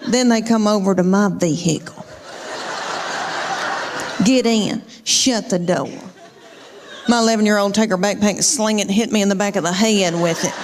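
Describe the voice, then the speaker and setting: A woman's voice: medium pitch, normal speed, long pauses, a crowd in the background. A middle-aged woman with a Southern US accent doing stand-up comedy, telling chatty, folksy stories with teasing asides on stage before a live audience. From Southern United States. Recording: live hall with long reverb and audience noise.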